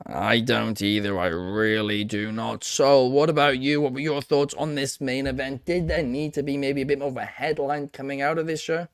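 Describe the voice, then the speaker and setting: A man with a smooth, resonant voice and a mid pitch, hosting a casual podcast. He agrees readily and passes the talk along with questions. The recording is dry and close. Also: steady tone, moderate pace, few pauses, no room sound. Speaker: podcast host.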